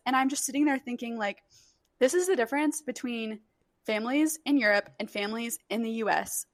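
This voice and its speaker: A woman's voice: fairly high pitch, brisk, no echo, studio quality. A young woman co-hosting a podcast, telling stories in casual chat with lots of fillers. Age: young adult. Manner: chatty storyteller, many fillers. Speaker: podcast co-host.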